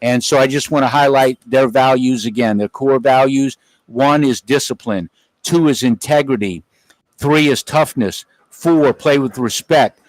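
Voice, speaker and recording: A man's voice: mid-range voice, measured pace, no room sound, poor audio. A middle-aged man doing play-by-play commentary for a football game, chatty and folksy. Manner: chatty, folksy wrap-up with asides. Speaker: play-by-play announcer. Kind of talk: sports commentary.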